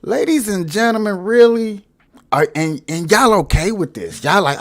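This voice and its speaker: A man hosting a casual live stream, addressing viewers directly in a loud, mocking way. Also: high-pitched, expressive, normal speed.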